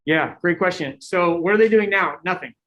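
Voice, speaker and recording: Middle-aged man, coach, lecture, animated storytelling, somewhat high voice. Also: normal speed, poor audio. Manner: animated storytelling, acting out quotes, laughing. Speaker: cycling coach giving a lecture. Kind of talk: lecture with anecdotes.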